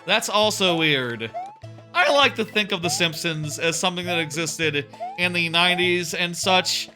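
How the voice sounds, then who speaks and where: Man in his thirties, slightly high voice, live-stream chat, filler-heavy, rambling. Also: animated, a little slow, over music. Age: 30s. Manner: rambling, many fillers and restarts. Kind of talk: casual live-stream chat while playing.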